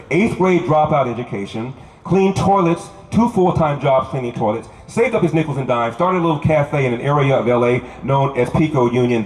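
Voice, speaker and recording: A man's voice: medium pitch, a little mellow. A man from Los Angeles speaking as a candidate at an outdoor rally, telling stories and hammering home short repeated lines. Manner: storytelling with punchy repeated lines. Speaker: political candidate. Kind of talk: outdoor campaign rally speech. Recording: echoey crowd recording. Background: crowd noise.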